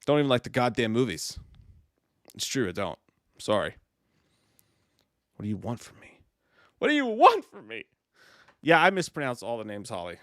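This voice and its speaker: A man's voice: on the low side, animated, moderate pace, pauses often, no echo, clean studio sound. A man co-hosting a casual live stream, swearing freely and rambling in a self-deprecating way. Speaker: co-host of a movie live stream.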